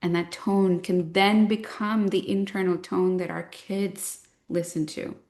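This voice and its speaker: Lady in her 30s, parent coach talking to a group, lowish voice, thoughtful, tells her own stories. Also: level tone, unhurried. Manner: reflective, gently explanatory, with personal stories.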